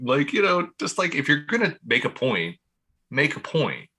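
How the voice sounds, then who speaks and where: A man's voice: medium pitch, brisk, husky. A man hosting a wrestling podcast, ranting in casual chat with some swearing. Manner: animated, profane rants. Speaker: podcast host.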